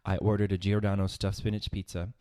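A man's voice: fairly low pitch, fast talker, no room sound, studio quality. A man co-hosting a radio talk show in casual chat, gushing and jokey as he tells stories. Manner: gushing, animated, jokey storyteller.

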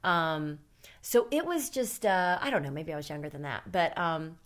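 A woman's voice: sits low, lively intonation, moderate pace. Rambling, candid woman podcast host. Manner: rambling and candid, with many fillers. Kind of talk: casual chat.

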